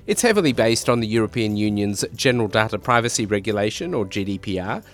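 A man with a lower voice, a little raspy from a cold, presents a news podcast in a formal, measured style. Faint music sits under his voice. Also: lively intonation. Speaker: podcast host, senior editor. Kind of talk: scripted news podcast interview.

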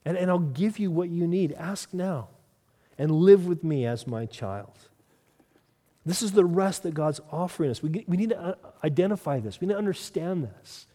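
A male pastor preaching a sermon in an earnest manner, repeating key phrases and dropping to soft emphasis. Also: sits high, long reverb tail.

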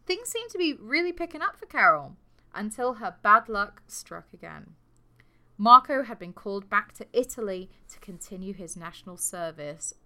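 Woman retelling a true crime case on a podcast, bright voice, swears a lot, jokey. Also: medium pitch, animated, normal speed. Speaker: podcast co-host. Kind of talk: casual true crime storytelling.

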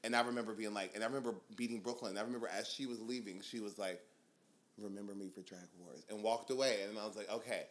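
A young man and drag queen, guest on a casual podcast, telling animated stories with frequent laughter and casual swearing. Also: on the low side, very fast, few pauses.

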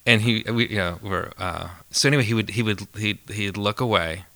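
Low gravelly man, bright dry voice. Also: a little fast, no room sound. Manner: relaxed, thoughtful, amused storyteller. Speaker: photographer and filmmaker guest. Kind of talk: casual podcast interview.

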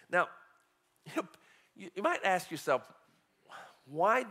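Male preacher, bright and forceful tone, chatty animated delivery with light chuckles. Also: on the high side, normal speed. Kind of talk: sermon.

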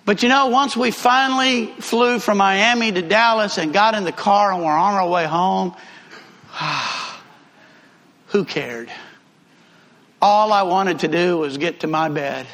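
A man preaching a sermon, telling a travel story with lively emphasis and repeated phrases. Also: high-pitched, slow, long pauses. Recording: long hall reverb.

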